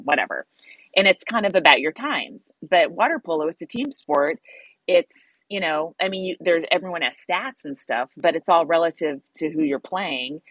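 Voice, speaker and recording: A middle-aged woman co-hosts a casual chat in a lower voice. She talks candidly and wryly, dropping casual swears as she vents. The sound is close and dry. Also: animated, normal speed, fairly bright tone, no room sound. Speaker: podcast co-host.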